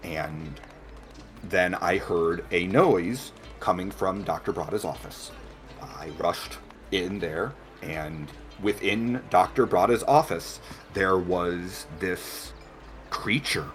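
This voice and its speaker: A man's voice: low-pitched, soft background music. A man doing a scarred, blind, stammering assistant. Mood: haunted. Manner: gentle, halting, stammering. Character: scarred blind male sanctuary assistant, polite.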